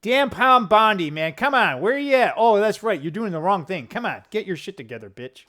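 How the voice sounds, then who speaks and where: A middle-aged man rambling to camera in a casual political vlog, swearing, laughing often and wandering off on tangents. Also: normal speed. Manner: profane, laughing, tangent-prone, animated swings in pitch. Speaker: political vlogger. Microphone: camera close up at a desk.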